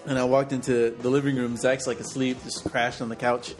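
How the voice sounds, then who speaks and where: A man at an ordinary pitch spins a rambling story for his friends, full of fillers and false starts. Quiet music runs in the background. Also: flat delivery, fairly quick. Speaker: podcast co-host. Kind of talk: casual chat among friends.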